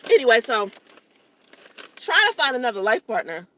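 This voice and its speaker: A woman's voice: fairly high pitch, very animated, normal speed, fairly bright tone, dry recording. A young woman vlogging casually from her parked car while eating, chatty and joking, talking with her mouth full.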